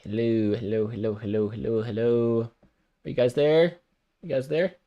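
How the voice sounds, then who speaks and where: A man's voice: medium pitch, steady tone, moderate pace, dull audio. A man streaming a story game live, chatting to viewers and reading the narration aloud, flustered and prone to repeating himself. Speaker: streamer playing a visual novel.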